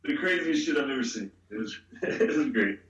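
A man from a band, guesting on a podcast, chatty and quick to laugh. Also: medium pitch, lively intonation, a bit bright. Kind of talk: casual interview chat. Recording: roomy echo, distant from mic.

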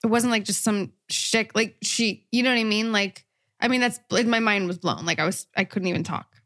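A woman's voice: mid-range voice, fairly quick, a bit bright. A woman co-hosting a podcast, chatting casually and reacting to a story, with lots of "like". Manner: reactive, full of "like" fillers. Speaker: podcast co-host. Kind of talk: casual chat.

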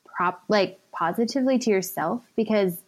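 A woman in her thirties, a podcast guest, telling a candid personal story in a chatty way, full of fillers and soft laughs. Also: mid-range voice, normal speed.

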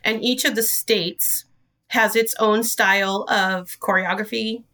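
A woman's voice: medium pitch, fairly even intonation, slow, sharp tone, distant mic. A woman who directs a dance studio, telling her story as an interview guest in an earnest, emotional way. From Idaho.

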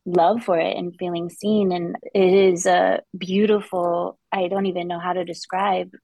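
Brief: candid woman guest, low gravelly voice, dry close sound. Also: little pitch movement, mellow, dry recording, low-quality recording. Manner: reflective, openly vulnerable, halting restarts. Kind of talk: candid interview conversation.

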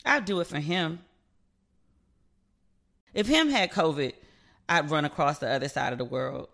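A woman's voice: sits low, measured pace, vocal fry. A woman hosting her own podcast, chatting casually and frankly, swearing freely and acting out back-and-forth conversations as she tells stories. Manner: frank, profane, animated storytelling with quoted back-and-forth. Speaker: podcast host. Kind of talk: casual solo podcast chat.

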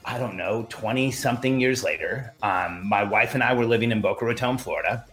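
A middle-aged man telling a long personal story in a conversation, animated and acting out the dialogue. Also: mid-range voice, fairly quick, soft background music. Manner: animated, acts out quoted dialogue. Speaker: podcast guest.

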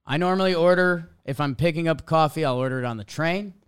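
A man's voice: a little high, quick pace, clear, resonant tone. A young man telling a casual story as a podcast host, acting out little quotes as he goes. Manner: animated storytelling, acts out quotes.

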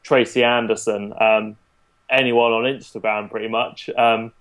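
A man working as a fitness coach, explaining his approach in a relaxed podcast chat with frequent fillers. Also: on the low side, unhurried.

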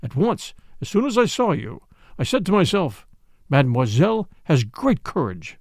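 A smooth, apologetic police official who soothes and persuades with formal courtesy, as a male reader voices him. The voice carries a gravelly grain and sits close and dry on the mic. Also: on the high side, sing-song, normal speed, dry recording. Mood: soothing.

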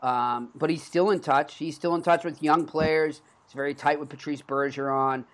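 A man in his thirties with a Boston accent hosts a sports podcast, telling stories in an earnest, conversational manner. His voice is fairly high with fairly even intonation, and he talks at a normal speed.

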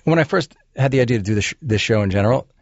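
A man's voice: medium pitch, expressive, rapid-fire, no echo, dull audio. A man hosting a podcast interview, talking earnestly with many fillers and restarts. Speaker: podcast host. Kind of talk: casual interview chat.

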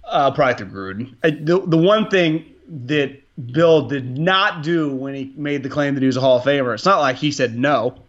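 A man's voice: a little high, moderate pace, hardly any pauses, lo-fi sound. A man hosting a casual sports podcast, rambling and restarting his sentences, with frequent swearing. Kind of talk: casual sports talk with profanity.

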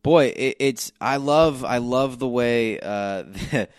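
A man co-hosting a podcast in casual chat, talking haltingly with many restarts and fillers. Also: mid-range voice, clear, resonant tone, dry recording, studio quality. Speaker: podcast co-host.

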